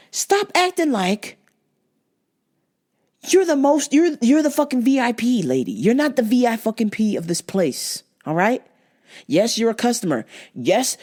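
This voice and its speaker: Blunt, profane woman with a stuffy nose. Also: mid-range voice. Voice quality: blunt and profane, laughs often. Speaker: podcast host. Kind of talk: casual profane podcast rant.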